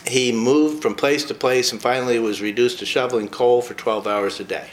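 A man's voice: mid-range voice, fairly even intonation, moderate pace, slight background noise. A man in a casual talk, reading a short biography aloud and breaking off for chatty personal asides. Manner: chatty, with frequent personal asides between read passages.

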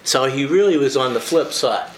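A man's voice: mid-range voice, moderate pace, slight background noise. Chatty man reading aloud with asides. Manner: chatty, with frequent personal asides between read passages. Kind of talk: casual talk, reading a short biography aloud.

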